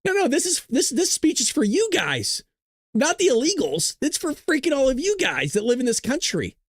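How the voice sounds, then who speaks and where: A man's voice: very high voice, wildly swooping pitch, moderate pace, husky, dry recording, studio quality. A man hosting a reaction show, talking over clips in a mocking, sarcastic way with frequent laughs and swearing. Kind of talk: casual reaction commentary.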